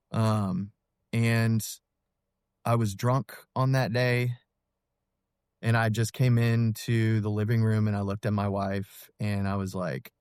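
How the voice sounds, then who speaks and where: A man in his thirties telling his personal story as a podcast guest, earnest and halting, with many fillers and restarts. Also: fairly low pitch, darkish tone, clean tone, no echo, clean studio sound. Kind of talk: personal testimony in an interview.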